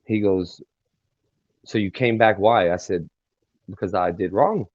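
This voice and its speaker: A man telling a long personal story in a halting, rambling way as an interview guest. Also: low voice, a little mellow, dry recording. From Texas. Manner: rambling, halting, many fillers and restarts. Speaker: guest singer-songwriter. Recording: dry, dull lo-fi sound.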